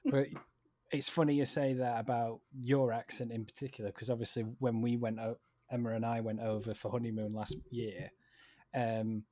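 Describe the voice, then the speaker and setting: Young Yorkshire man, Sheffield accent, mid-pitched, chatty podcast co-host who laughs easily. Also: flat delivery, normal speed, dark tone. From Sheffield, England. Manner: chatty, laughs while telling anecdotes. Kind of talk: casual chat about a TV show.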